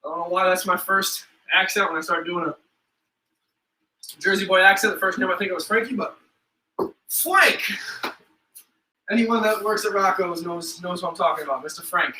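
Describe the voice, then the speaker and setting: A man's voice: sits high, fairly even intonation, a little fast, bright, forceful tone, echoey room, distant mic, a little hiss or hum, poor audio. A young man leading a live-streamed home workout as a fitness instructor, counting reps aloud and joking between sets.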